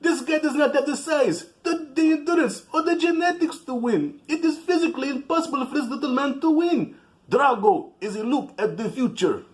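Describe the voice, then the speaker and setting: A man putting on the voice of a pompous male fight commentator with a high, strained tone. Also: lively intonation, normal speed. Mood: scornful.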